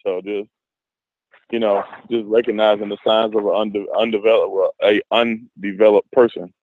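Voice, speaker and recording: A man in casual group discussion, talking haltingly with many restarts and fillers. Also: on the low side, level tone, dry recording. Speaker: discussion participant. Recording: dry, phone-like audio.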